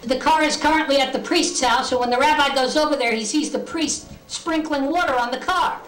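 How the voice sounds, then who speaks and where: A high, bright puppet comedian, voiced by a woman, rattling off bar jokes and slipping into little voices for each character. The sound is roomy and echoey. This is a joke-telling puppet in a short comedy bit. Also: fairly quick, faint music behind. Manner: joke-telling, mimics bar patrons with shifting voice.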